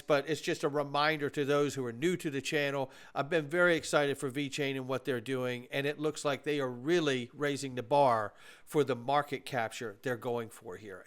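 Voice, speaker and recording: A man's voice: mid-range voice, fairly bright tone, clear, resonant tone. A man hosting his own commentary channel, talking straight to viewers in an emphatic, opinionated way. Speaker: host of a crypto commentary channel. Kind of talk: casual commentary.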